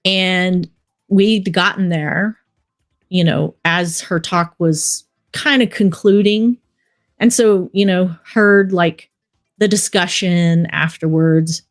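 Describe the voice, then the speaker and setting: A woman's voice: on the low side, steady tone, takes it slowly, faint music behind. Rambling woman filmmaker telling stories. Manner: rambling storyteller, many fillers like "you know". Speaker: documentary film director. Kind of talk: casual interview talk.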